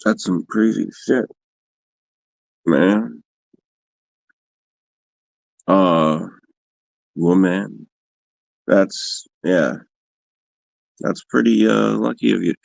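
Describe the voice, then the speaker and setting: A man's voice: low voice, drawn-out words, vocal fry, pauses often, dry recording. A man hosting a livestream, telling rambling, profane, self-mocking stories and answering viewers in casual chat. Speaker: livestream host.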